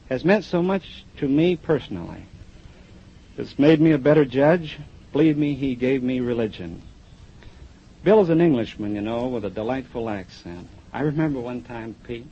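A man's voice: medium pitch, warm tone. A man, a judge, presenting an award in a genial, joking tribute speech on the radio. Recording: dull 1950s radio broadcast with faint hiss.

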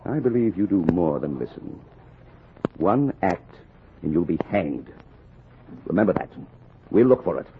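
An actor playing a stern British naval captain who threatens a ship's crew, in old radio drama acting. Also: male voice, sits low, very animated, a little slow, pauses often, background noise, exaggerated voice. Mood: threatening. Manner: cold, threatening. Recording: tinny lo-fi old radio recording.

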